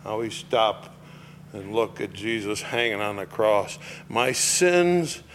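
A man preaching a reflective sermon, lingering over phrases and dropping to a near hush at moments of emphasis. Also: fairly low pitch, level tone, a little hiss or hum. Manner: slow, reflective, dropping to a hush on key words.

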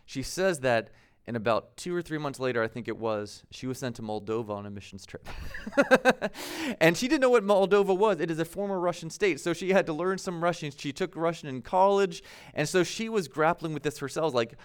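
A man's voice: fairly high pitch, lively intonation, fairly quick, smooth. A man in his thirties from the United States, preaching a conversational sermon as pastor, laughing at himself now and then.

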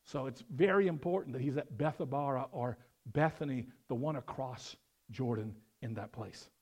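A middle-aged man preaching a verse-by-verse sermon, swinging from loud emphatic lines to quiet, dropped asides. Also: mid-range voice, normal speed, breathy edge. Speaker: pastor.

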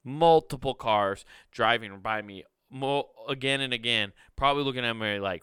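A man's voice: mid-range voice, normal speed, few pauses, a bit bright, smooth, dry recording, studio quality. A young man hosting a podcast, telling a story in an exasperated, profane rant. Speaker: podcast host. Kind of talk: casual solo storytelling.

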